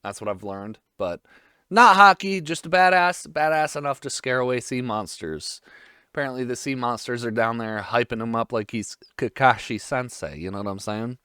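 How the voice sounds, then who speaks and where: A man's voice: mid-range voice, moderate pace, pushed and bright, clear, resonant tone, dry recording, clean studio sound. A man in his twenties giving a casual episode recap, rambling with irreverent, crude jokes. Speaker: vlogger.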